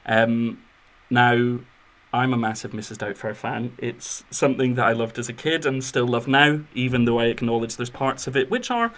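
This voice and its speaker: Young guy on a film podcast, chatty and eager, kinda rambly, normal pitch. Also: normal speed, hardly any pauses, a bit bright. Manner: chatty, enthusiastic, rambling with fillers. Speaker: podcast co-host. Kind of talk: casual film chat.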